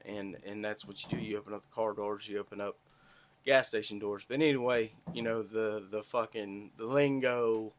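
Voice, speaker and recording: A man's voice: fairly low pitch, fairly even intonation, moderate pace, slight background noise. A man from north Florida with a Southern accent, hosting a podcast in a rambling, profane, blunt monologue. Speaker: podcast host. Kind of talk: casual monologue.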